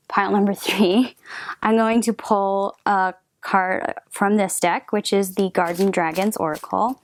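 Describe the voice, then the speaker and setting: Slow, soft-spoken woman. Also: medium pitch, creaky, a little hiss or hum. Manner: soft-spoken, often drops to a whisper, hesitant restarts. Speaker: tarot reader. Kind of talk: slow, gentle tarot reading.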